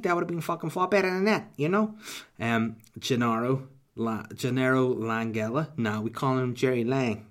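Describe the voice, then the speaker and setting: A man hosting a podcast, rambling casually, swearing freely and joking his way through. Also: on the low side. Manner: profane, joking, slips into impressions. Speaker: podcast host.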